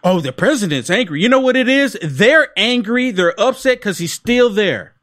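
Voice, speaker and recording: A man's voice: high voice, expressive, normal speed, a bit bright. A man co-hosting a casual political chat, emphatic and peppering his talk with "dude". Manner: emphatic, keeps saying dude. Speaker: podcast co-host.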